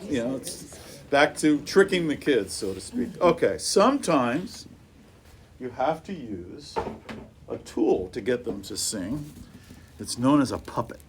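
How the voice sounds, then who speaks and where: A man's voice: medium pitch, sing-song, unhurried. A man leading a music workshop for teachers, chatting casually and breaking into playful sung rhymes for a group in a classroom.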